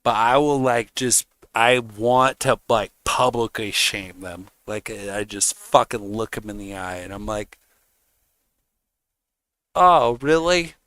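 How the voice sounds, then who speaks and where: A man rants at a slow, dragging pace with a bright, forceful edge to his voice. He swears heavily and mocks people in a heated, casual way. The sound is dry and close. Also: lowish voice, flat delivery, no room sound. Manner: profane, heated, mocking. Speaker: streamer. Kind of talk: casual rant.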